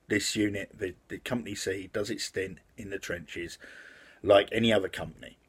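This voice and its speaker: A man's voice: fairly low pitch, a bit bright, slightly rough. A man casually reviewing a film in his vlog, rambling with lots of fillers and restarts. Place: outside the house.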